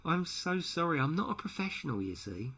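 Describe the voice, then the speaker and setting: Chatty man with a gravelly voice. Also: a little high, sing-song, brisk, bright, forceful tone, slight background noise. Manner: chatty, jokey, laughs often. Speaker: streamer painting a model. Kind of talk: casual live-stream chat. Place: home room at night. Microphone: headset.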